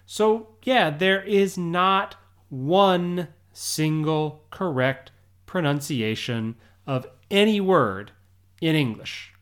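An English teacher with an American accent hosting a podcast lesson for learners, explaining slowly and deliberately and often checking in with the listener. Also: mid-range voice, expressive, fairly bright tone.

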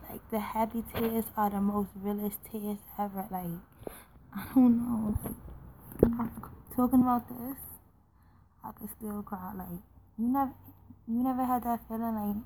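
A woman's voice: medium pitch, warm tone, slight background noise, rough recording. A young woman hosting her own podcast, talking in an earnest, heartfelt and rambling way full of fillers. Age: young adult. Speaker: podcast host. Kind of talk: personal solo podcast talk.

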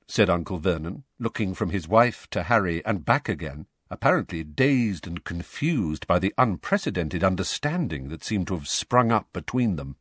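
A man narrating an audiobook in an expressive storytelling manner. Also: low voice, normal speed, few pauses, dry recording, clean studio sound. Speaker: audiobook reader. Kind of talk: scripted narration.

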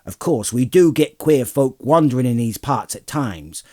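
A man voicing a gruff, hearty middle-aged hobbit farmer with a loud, folksy, blustery way of talking. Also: mid-range voice, animated, normal speed, close to an everyday voice.

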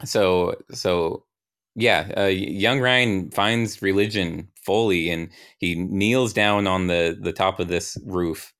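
A man narrating an improvised role-play game, halting and restarting as he goes. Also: low-pitched, a bit bright, clear, resonant tone.

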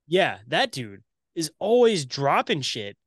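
A man's voice: fairly high pitch, huge pitch swings, slow, slightly rough, no echo, studio quality. A man talking as a podcast guest in casual chat, loose and rambling, swearing a lot and calling his host "dude".

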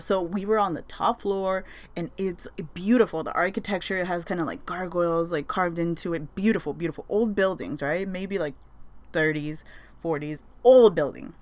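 Young woman vlogging, lower voice, lots of likes and swearing, casual storytime. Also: a bit bright. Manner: chatty, swears freely, lots of fillers. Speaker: vlogger sharing advice.

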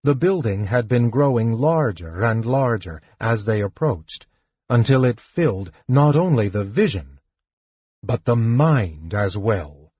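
A man narrating a fantasy audiobook in a measured, expressive storytelling manner. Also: mid-range voice, breathy edge, no room sound. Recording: dull lo-fi dry recording.

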